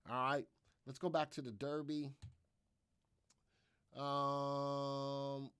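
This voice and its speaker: A man's voice: medium pitch, level tone, very slow, a bit bright, clean tone, no room sound. A man hosting a live trading room, talking energetically and repetitively through his trades while answering viewers' questions.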